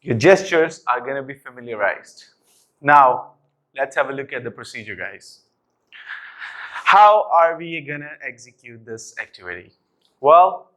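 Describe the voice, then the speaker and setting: Slow, energetic male teacher trainer. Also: medium pitch. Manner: energetic, addresses viewers as "guys", asks and answers own questions. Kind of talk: classroom activity explanation.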